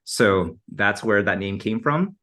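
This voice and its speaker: A man's voice: lowish voice, expressive, takes it slowly, fairly bright tone. A young adult man chatting as a podcast guest, telling stories with energy and laughing easily. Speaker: podcast guest, marketing entrepreneur. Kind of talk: casual interview chat.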